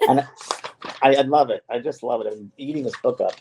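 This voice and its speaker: A man's voice: medium pitch, a little fast, dark tone, a little hiss or hum. A middle-aged man talks earnestly in a casual conversation about the spirit world. His voice sits in an ordinary middle range. He restarts sentences often and repeats phrases for emphasis. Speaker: medium and show host.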